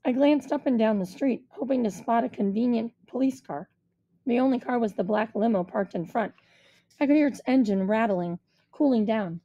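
A woman reading a first-person children's storybook aloud in a measured storytelling manner. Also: a little high, dark tone, dull audio. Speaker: audiobook reader.

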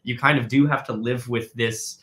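A man's voice: mid-range voice, fairly even intonation, moderate pace, pushed and bright. A young man, an actor, talking casually over a video call, rambling with restarts and frequent laughs. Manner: rambling, hesitant, laughs often. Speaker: actor interviewing with his father. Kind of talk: casual conversational interview.

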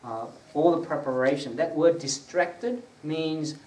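A man with a fairly high voice teaches a sermon and keeps checking that his listeners follow him. He swells louder on scripture quotes. He sounds set back from the mic in a reverberant room, with a faint hiss underneath. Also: measured pace, distant mic. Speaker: preacher. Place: prayer gathering room.

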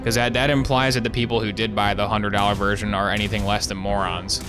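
Male streamer, lowish voice, dry sarcastic let's play banter, loud game music under him. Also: fast. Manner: sarcastic, joking, excitable yelps. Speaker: gameplay streamer. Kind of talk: casual let's play commentary.

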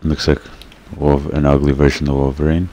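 A man giving casual let's-play commentary as he plays, joking sarcastically at his own expense and bursting into excited shouts at the game. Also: extremely low pitch, normal speed, dry recording. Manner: sarcastic, self-mocking joking. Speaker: gameplay commentator.

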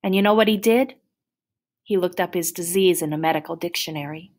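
A woman voicing a patient, kind, tired woman doctor who speaks softly, slowly and calmly. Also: fairly low pitch. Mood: gentle.

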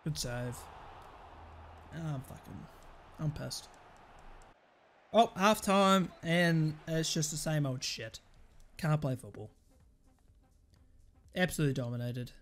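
A man commentating his football video game, swearing and shouting at the play. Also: slow, long pauses. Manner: swears and shouts at the game, pitch jumps high in frustration. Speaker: gaming channel host. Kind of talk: live gameplay commentary.

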